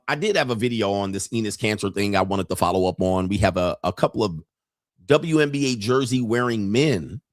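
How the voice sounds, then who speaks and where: A man's voice: lowish voice, no echo, studio quality. Profane, mocking male commentator. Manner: profane, mocking, laughs often. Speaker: host. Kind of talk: casual commentary on clips.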